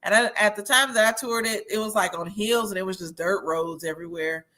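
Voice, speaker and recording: Chatty lady host on a livestream, kinda tipsy, bright sharp voice, laughing at the gossip. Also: medium pitch, a little fast. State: a little tipsy. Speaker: host of a reality-TV review livestream. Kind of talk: casual livestream chat reading viewer comments.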